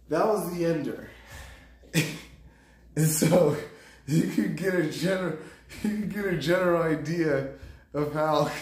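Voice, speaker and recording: A man streaming live, casually rambling about a comedy set, laughing often and talking to his chat. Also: a little high. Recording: roomy echo.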